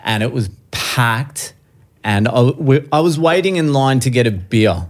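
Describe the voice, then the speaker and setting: A man's voice: medium pitch, animated, measured pace. A man, a comedian guest telling a profane story on a podcast and laughing through it.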